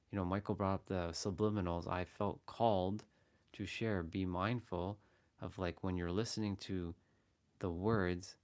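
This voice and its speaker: A deep-voiced man hosts a casual motivational livestream, speaking with earnest conviction. He repeats phrases several times to demonstrate different ways the same words can be said.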